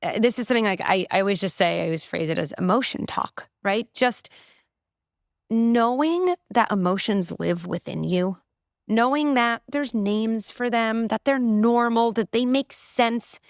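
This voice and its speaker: A middle-aged woman, a clinical psychologist, talking in an animated, explanatory way as a podcast guest. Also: a little high, unhurried, gravelly, no echo, studio quality. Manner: animated, explanatory, frequent "like" and "right?". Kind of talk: conversational interview.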